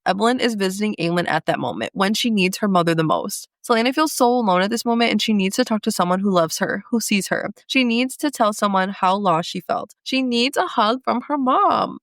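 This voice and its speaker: A woman's voice: medium pitch, lively intonation, fast talker, gravelly, hardly any pauses, fairly bright tone, dry recording. A young woman co-hosting a book podcast, recapping chapters with gushing asides and laughing as she gets emotional. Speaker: podcast co-host. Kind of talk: book recap podcast, reading passages aloud.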